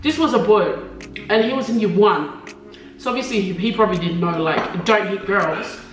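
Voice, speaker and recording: A woman's voice: moderate pace, recorded from a distance. A young woman from Australia co-hosting a mukbang, telling a childhood story in casual chat and acting out quoted voices with laughter. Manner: animated, acts out quoted voices in high pitch, laughs often. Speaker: mukbang co-host. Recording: echoey room, off-mic, faint music.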